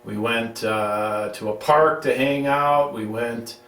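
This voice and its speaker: In a home-recorded chat, a middle-aged host with a middle pitch and a slightly bright tone rambles slowly, teasing his co-host and frequently starting sentences over. The room echoes around him, he sits back from the mic, and faint music plays in the background.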